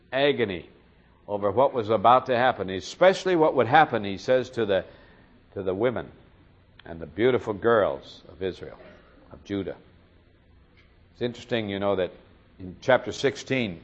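Impassioned male preacher, lively pitch. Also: lo-fi sound. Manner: impassioned, swelling to cries in pleading passages. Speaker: pastor. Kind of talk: expository sermon.

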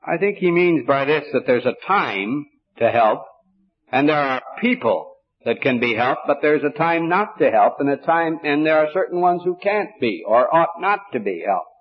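A man preaching a sermon, teaching in a measured, earnest way with frequent restarts. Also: fairly high pitch, animated, breathy edge, lo-fi sound.

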